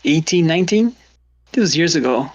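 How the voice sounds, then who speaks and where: A man's voice: on the high side, animated, moderate pace. Man with a rambling, repetitive chat. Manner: rambling, repeats words, quotes people in exclaiming voices. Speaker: stream host. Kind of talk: casual chat. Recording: dull lo-fi stream audio.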